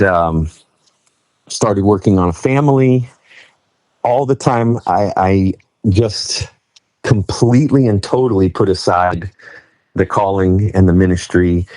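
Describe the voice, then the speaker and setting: A man's voice: fairly low pitch, darkish tone, no room sound. A middle-aged man, a pastor, sharing his personal testimony in an earnest, conversational way during an interview.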